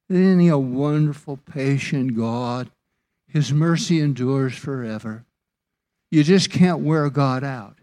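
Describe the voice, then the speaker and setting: A pastor delivers a sermon in an unhurried, measured cadence. His voice sits a little higher than most men's, and he lifts it further when he stresses a point. He takes his time over each phrase. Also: a little mellow. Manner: slow, deliberate preaching with rising emphatic lines.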